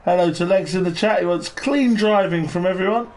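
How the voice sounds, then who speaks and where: A man giving relaxed live commentary on an online race and greeting viewers in the chat. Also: high-pitched, brisk. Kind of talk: live sim-racing commentary. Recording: noisy stream with engine sound behind.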